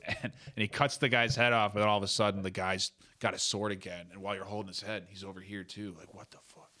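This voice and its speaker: A man's voice: fairly low pitch, little pitch movement, fast talker, pushed and bright. A young man chatting casually on a podcast, rambling with many fillers and laughing often. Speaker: podcast guest. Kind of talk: casual chat.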